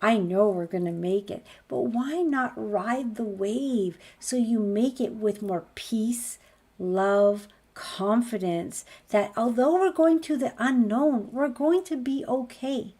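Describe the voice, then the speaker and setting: A woman's voice: a little high, takes it slowly, dark tone. A woman, a spiritual healer, giving an earnest motivational talk, stacking rhetorical questions as she promotes her course.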